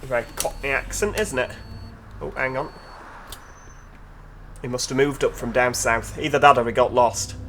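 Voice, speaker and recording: A man's voice: mid-range voice, steady tone, moderate pace, long pauses, fairly bright tone, a little hiss or hum. A man giving casual, chatty commentary over gameplay, with joking asides to his viewers. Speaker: video game commentator.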